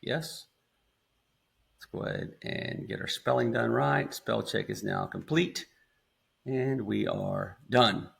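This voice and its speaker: A man with an American accent casually talking students through a screen-recorded software tutorial step by step. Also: lowish voice, takes it slowly, creaky. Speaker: instructor.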